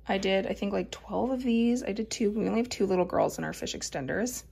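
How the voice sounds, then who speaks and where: A woman talking casually to the camera at home for a family vlog. She is chatty and excitable, and she rambles through lists with plenty of fillers. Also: mid-range voice, fairly quick, vocal fry, hardly any pauses, slightly rough. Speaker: family vlogger.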